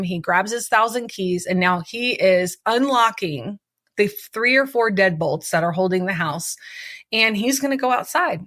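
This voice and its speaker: A woman's voice: mid-range voice, fairly bright tone, no room sound, studio quality. A woman hosting her own show, telling a personal story in a vivid, urgent way and acting out what people said. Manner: vivid, urgent retelling with acted-out quotes.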